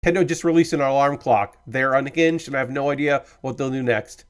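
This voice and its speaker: A man's voice: mid-range voice, fairly quick, smooth. A man hosting a live stream in casual chat, rambling and hedging, easygoing and apologetic, swearing now and then. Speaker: streamer host.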